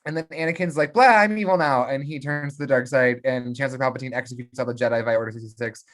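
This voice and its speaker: Podcast co-host, middle pitch, casual film recap, lively, quick character voices.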